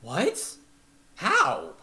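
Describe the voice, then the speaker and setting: A woman voicing a lovestruck fairy performer, speaking high and emotionally. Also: huge pitch swings, extremely slow, creaky, pushed and bright, heavily acted. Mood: startled.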